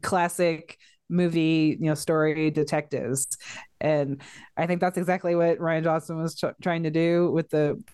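Gushing woman with a lowish voice. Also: level tone, a little slow, darkish tone, clean tone. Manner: enthusiastic, gushing, giggly. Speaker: podcast co-host. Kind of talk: casual movie chat.

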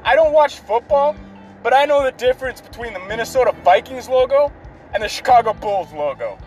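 A man with a high, light voice rants about his day, swearing freely and sounding fed up throughout. He talks from inside a car, with faint music playing in the background. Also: lively intonation, a little fast, darkish tone. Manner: profane, exasperated ranting. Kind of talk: ranting story.

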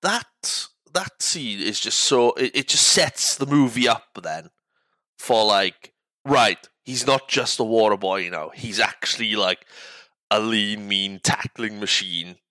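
Bright-voiced rambling podcast host. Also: male voice, fairly low pitch, takes it slowly, dry recording, rough recording. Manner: rambling, restarts, swears, acts out quotes. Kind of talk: casual movie recap chat.

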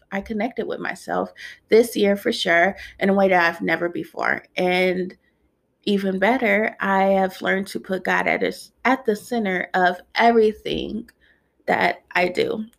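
A woman in her twenties hosting her own podcast, talking in a heartfelt, emotional way with many pauses, near tears. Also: medium pitch, vocal fry. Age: 20s. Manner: emotional, heartfelt, soft-spoken with frequent ums. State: tearful. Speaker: podcast host. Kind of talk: personal podcast monologue.

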